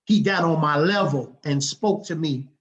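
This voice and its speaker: A man tells stories as a podcast guest, animated and quick to act out other people's lines. His voice sits high for a man, and the recording sounds dull and lo-fi. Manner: animated, acts out the people he quotes, laughs often. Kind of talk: casual storytelling.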